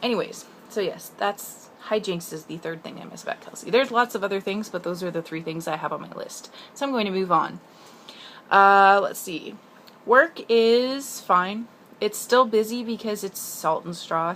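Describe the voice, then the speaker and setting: A young woman from the Pacific Northwest rambling in a casual video letter to her sister, chatty and self-deprecating with quick asides. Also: mid-range voice, expressive, fairly bright tone, slight background noise. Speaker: vlogger.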